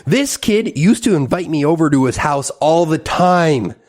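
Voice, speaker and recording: Animated, self-mocking podcast host. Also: male voice, fairly high pitch, a little slow. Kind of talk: casual rambling monologue.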